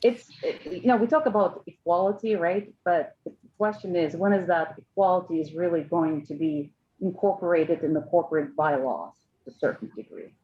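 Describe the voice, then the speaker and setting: A woman's voice: fairly low pitch, moderate pace, few pauses, highs cut off, slight background noise. A woman speaks hesitantly as a panel guest in a casual video-call discussion, with many fillers and restarts.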